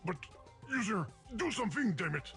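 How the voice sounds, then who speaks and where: A fretful, pleading game program. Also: male voice, high voice, very animated, normal speed, fairly bright tone, exaggerated voice. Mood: anxious. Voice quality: odd foreign-sounding accent. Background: game music.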